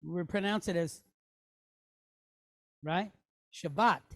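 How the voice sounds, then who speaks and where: A woman with an expressive, slightly mellow mid-range voice teaches a Hebrew class. She works through letters and syllables slowly and patiently, regularly asking her students "okay?" and "right?" during the classroom lesson.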